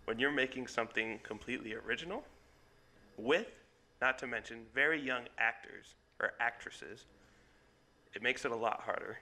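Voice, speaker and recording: A man's voice: medium pitch, bright, forceful tone. A man co-hosting a casual comedy movie podcast, teasing and arguing with his co-host. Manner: teasing, argumentative, quick to laugh.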